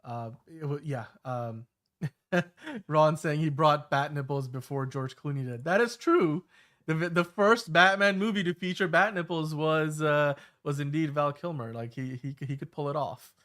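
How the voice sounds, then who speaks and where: A man's voice: on the high side, moderate pace, fairly bright tone. A man in his thirties hosting a casual podcast chat, talking in a rambling way with many fillers and restarts. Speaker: show host.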